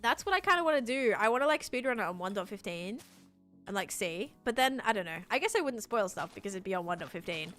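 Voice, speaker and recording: A woman's voice: mid-range voice, lively intonation, fast talker, a bit bright, faint music behind. Chatty Australian woman streaming a game. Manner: chatty, thinking aloud while building and answering chat. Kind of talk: live gameplay stream chat.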